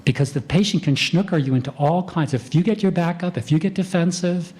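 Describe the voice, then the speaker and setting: A man, a physician, giving a conference lecture in a calm, conversational manner, acting out doctor-patient exchanges. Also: a little high. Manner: calm, unhurried delivery.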